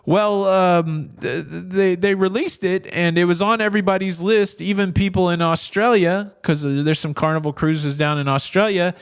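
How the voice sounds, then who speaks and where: A man's voice: high voice, normal speed, few pauses, clear, resonant tone. A middle-aged man hosting a casual cruise news show, chatting in a rambling way with jokey asides and frequent restarts. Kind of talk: casual commentary.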